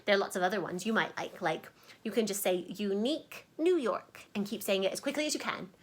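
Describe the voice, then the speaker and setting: A woman's voice: mid-range voice, expressive, fast talker, a little hiss or hum. A woman reading a children's picture book aloud, playful and chatty, with asides between the verses and sometimes dropping to a whisper.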